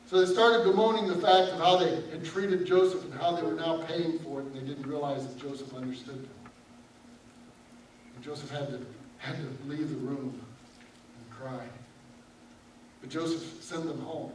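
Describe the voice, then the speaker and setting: Animated preacher in an echoey hall. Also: male voice, a little high, moderate pace, slight background noise. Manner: storytelling, acting out the characters. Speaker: pastor. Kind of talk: sermon. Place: church sanctuary. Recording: echoey church hall from far off.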